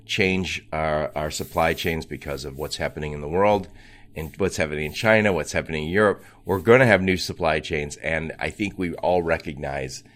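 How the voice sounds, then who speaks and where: A man's voice: rumbling low, moderate pace, fairly bright tone. A man hosting a podcast, chatty and enthusiastic, who laughs often as he asks questions. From United States. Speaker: podcast host. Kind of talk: casual interview chat.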